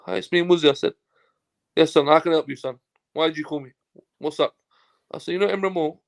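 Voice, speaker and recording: A man with a gravelly, slightly raised voice, spinning a casual story as a guest. He acts out both sides of past conversations and curses freely. His tone stays animated as he goes. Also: a little high, fairly quick. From Turkey. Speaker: football agent, guest. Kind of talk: casual anecdote telling.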